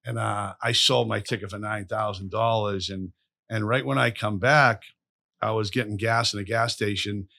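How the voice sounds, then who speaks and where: On a podcast, a male guest with a lowish voice and noticeable vocal fry tells rambling, profane stories at a moderate pace, animated throughout the casual interview. The studio-quality recording has no room sound.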